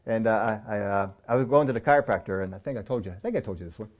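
A middle-aged man preaching a sermon, telling personal stories in a relaxed, conversational way and often rising in pitch to press a point. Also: racing, muffled recording. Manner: conversational storytelling with lively pitch swings and laughs. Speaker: pastor.

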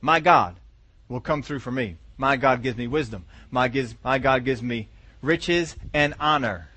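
A man's voice: mid-range voice, unhurried, pushed and bright, husky, no room sound. A man preaching a sermon, emphatic and repetitive, acting out doubters' words and quoting scripture. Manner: emphatic, repeats phrases, acts out quoted doubters.

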